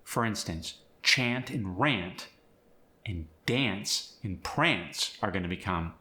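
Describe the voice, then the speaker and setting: Slow-talking male accent coach. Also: low-pitched, animated, sharp tone. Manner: demonstrates words in a put-on British accent. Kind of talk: instructional video.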